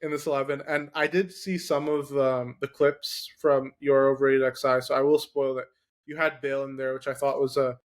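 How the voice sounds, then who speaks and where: A man's voice: mid-range voice, level tone, moderate pace. A man debating football players on a casual sports podcast, arguing his case with plenty of "like" fillers. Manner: argumentative, lots of "like" fillers. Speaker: podcast co-host.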